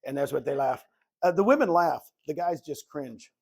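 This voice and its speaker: An older man in his sixties presenting to a room of real estate agents. He talks like a goofball, telling stories and acting out both sides of his conversations. His voice sits a little high. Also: normal speed, vocal fry, husky. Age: 60s. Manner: animated storytelling, acts out dialogue; jokey self-described goofball. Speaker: real estate recruiter and coach.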